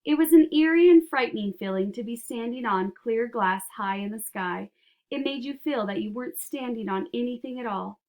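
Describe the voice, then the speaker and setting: A woman reading a children's novel aloud with expressive, animated storytelling. Her voice sits a little higher than most, and she keeps the telling lively. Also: moderate pace. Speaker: narrator. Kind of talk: audiobook narration.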